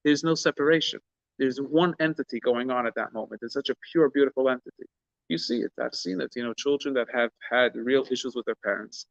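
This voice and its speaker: A man's voice: medium pitch, brisk, gravelly, dry recording. Earnest man giving a Torah talk. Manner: earnest, restarts often, uses Yiddish and Hebrew terms. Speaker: rabbi teaching a class. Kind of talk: informal Torah talk with a story. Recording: dull, lo-fi dry recording.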